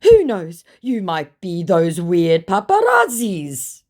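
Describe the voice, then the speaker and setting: A woman's voice: on the low side, wildly swooping pitch, slow, a little mellow, pitched above the performer's own voice, exaggerated voice. A woman voicing a pushy male scammer who poses as a celebrity, in a mock-sweet, wheedling manner.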